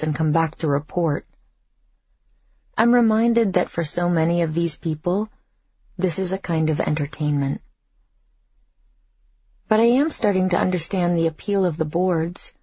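A woman narrates a first-person audiobook in a measured, reflective voice. Her tone is low and husky. The sound is dry and close, a little dull. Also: mellow, no room sound.

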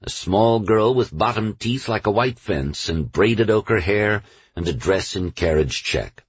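Man reading an audiobook, low husky voice, lively pitch, dry muffled sound. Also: dry recording. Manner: measured storytelling, slows on lists. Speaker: audiobook narrator. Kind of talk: scripted narration. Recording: dull, dry studio recording.

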